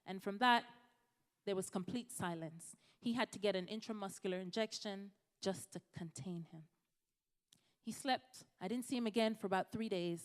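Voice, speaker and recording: A woman's voice: mid-range voice, normal speed, big-room sound. A woman from Jamaica, a physician giving a conversational health talk to a church congregation, addressing the audience directly. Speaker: physician speaker.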